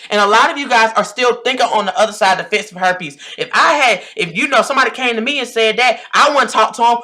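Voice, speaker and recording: A woman's voice: a little high, quick pace, few pauses, pushed and bright. A woman in her thirties with a Southern US accent, giving a blunt, preachy pep talk as a life coach and repeating phrases for emphasis. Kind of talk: direct-to-camera pep talk.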